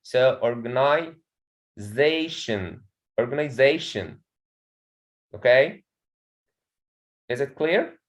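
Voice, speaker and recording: Slow-speaking Egyptian man teaching a class. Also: a little high, lively intonation, rough recording. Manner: repeats "okay" often, checks students understand. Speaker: English teacher. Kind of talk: classroom lesson on pronunciation.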